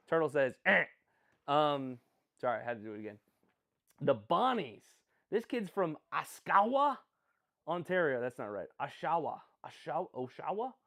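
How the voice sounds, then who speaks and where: A man hosting a casual live stream, rambling, making jokey asides and answering viewers as he reacts to picks. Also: medium pitch. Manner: rambling, jokey, self-deprecating, chats with viewers. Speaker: livestream host.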